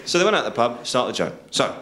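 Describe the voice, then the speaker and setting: A man's voice: mid-range voice, big pitch swings, fast, a crowd in the background. A man doing a stand-up routine on a theatre stage, telling a rambling joke and acting out its characters in raised voices. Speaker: stand-up comedian. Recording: echoey live theatre recording with noise.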